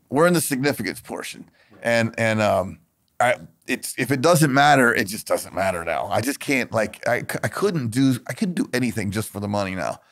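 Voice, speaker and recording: A man talking as a guest on a podcast, reflecting in a casual, halting way. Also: mid-range voice, fairly bright tone. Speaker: songwriter guest. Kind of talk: casual chat.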